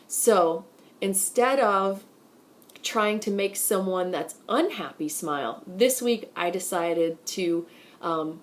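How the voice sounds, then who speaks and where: A woman in her thirties talking in a chatty, effusive way into her phone from a car, as a vlogger. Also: on the low side. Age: 30s. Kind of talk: casual vlog talk to camera.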